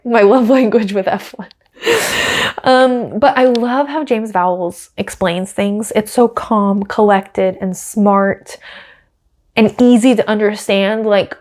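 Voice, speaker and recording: A woman's voice: mid-range voice, gravelly, darkish tone. A young woman hosting a podcast, talking in a casual, gushing and opinionated way with lots of fillers. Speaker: podcast host. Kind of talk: casual chatty commentary.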